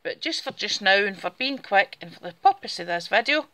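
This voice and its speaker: A woman's voice: mid-range voice, expressive, brisk, bright, forceful tone. A woman with a Scottish Borders accent, chatting casually through a step-by-step craft demonstration while she works with her hands. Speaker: craft tutorial host.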